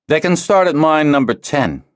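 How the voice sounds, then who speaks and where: A man's voice: on the high side, sing-song, moderate pace, no echo, clean studio sound, pitched above the performer's own voice. A man reading an audiobook, voicing a harsh, domineering male weir leader who barks scathing orders. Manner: venomous, scathing commands, shouting. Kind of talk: audiobook character voice.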